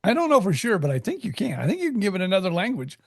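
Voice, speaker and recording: A man with a fairly high, gravelly voice chats as a podcast co-host, his pitch swinging up and down as he talks. He is playful and animated, with some hesitations. The recording is dry and close. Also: racing, no room sound. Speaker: podcast co-host and radio voice performer. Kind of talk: casual chat.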